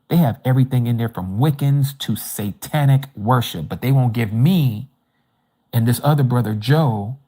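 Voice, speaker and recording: This Bible study teacher, heard through a livestream mic, has a mid-range voice with a dark tone. He recounts a personal testimony at a religious study, animated throughout and voicing the dialogue himself.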